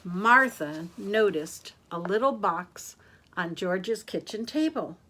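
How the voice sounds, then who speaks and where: An older woman reading picture books aloud to children, gentle and animated, pausing for asides to her listeners. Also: mid-range voice. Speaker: storyteller.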